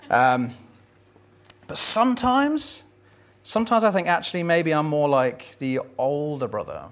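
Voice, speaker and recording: A man's voice: mid-range voice, fairly bright tone. A man preaching a sermon, telling a Bible story in a conversational, lightly humorous way. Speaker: pastor.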